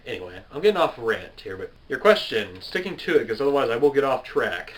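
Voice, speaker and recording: A man's voice: mid-range voice, big pitch swings, brisk, few pauses, low-quality recording. Rambling, chatty man in his twenties. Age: 20s. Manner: chatty, self-deprecating, laughs at himself and drifts off topic. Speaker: gaming video creator answering viewer questions. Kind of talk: casual rambling Q&A to camera.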